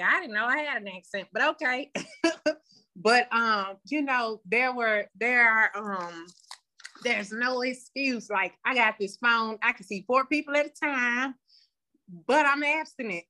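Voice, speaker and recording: Over a phone video call, a woman gives a candid, rambling personal share at a recovery meeting, pausing often and saying "um" a lot. Her voice is on the high side, pushed and bright.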